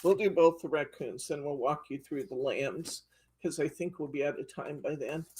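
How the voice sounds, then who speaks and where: A woman's voice: low-pitched, normal speed, warm tone, slight background noise. A woman leading a live-streamed card-making class, chatting and telling stories with frequent giggles. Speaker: craft class instructor.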